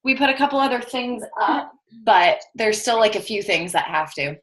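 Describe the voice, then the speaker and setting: A woman's voice: a little high, expressive, moderate pace, a bit bright, poor audio. A woman hosting a group video call from her house, chatting casually and laughing often through a laptop mic. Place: room in her newly moved-into house.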